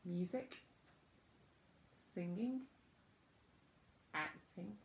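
Slow, gentle woman teaching children. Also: on the low side, animated, echoey room, slight background noise. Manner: gentle, spells out each word with pauses. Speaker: children's sign language presenter.

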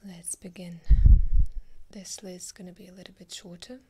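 A woman's voice: on the low side, fairly even intonation, moderate pace, very noisy. A woman with a Russian accent whispering an ASMR video, reading a numbered list with dry, amused asides. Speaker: ASMR creator.

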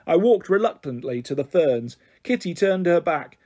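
A man reading a children's novel aloud in expressive storytelling narration. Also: a little high, moderate pace.

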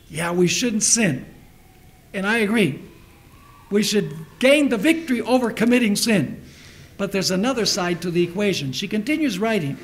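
High-voiced man preaching a sermon. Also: low-quality recording. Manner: emphatic preacher who repeats references and asks the audience questions. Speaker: pastor.

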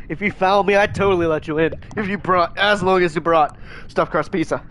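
A young man chats casually while he plays a game online. His voice sits a little high, and he whines and rants in exasperation, circling back to the same complaints again and again. Faint ambient noise hums behind him. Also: steady tone, fairly quick, a bit bright. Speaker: streamer. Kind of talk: casual gaming chat.

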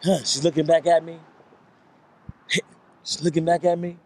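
A man's voice: on the high side, fairly even intonation, measured pace, a little mellow. A man doing stand-up, telling a rambling story with repeated lines and voiced quotes. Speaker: stand-up comedian. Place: comedy club stage.

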